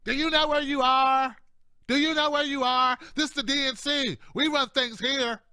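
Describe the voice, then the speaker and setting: A man voicing a smug, dismissive male party insider who talks down to a newcomer in a slow, taunting way. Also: very high voice, steady tone, pushed and bright, no room sound, studio quality, pitched above the performer's own voice, exaggerated voice.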